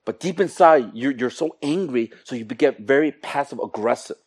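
A man preaching a sermon to his congregation, animated, acting out quoted exchanges with comic voices. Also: mid-range voice, normal speed, husky. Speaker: pastor.

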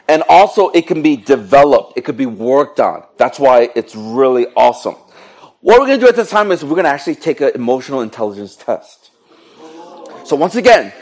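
Lively joking man preaching. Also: mid-range voice, fairly quick. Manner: lively, joking, playful asides to the congregation. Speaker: pastor. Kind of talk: sermon.

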